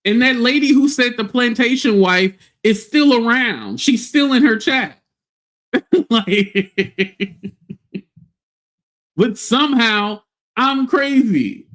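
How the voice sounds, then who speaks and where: A man's voice: very high voice, slow, long pauses, a bit bright. A man hosting a livestream, ranting bluntly and scornfully with plenty of profanity. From United States. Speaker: livestream host. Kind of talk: casual livestream rant.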